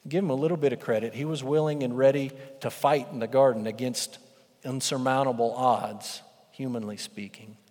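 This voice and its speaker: Man preaching a lively sermon. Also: mid-range voice, moderate pace. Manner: animated storytelling, swings from loud to hushed. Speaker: pastor. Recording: long hall reverb.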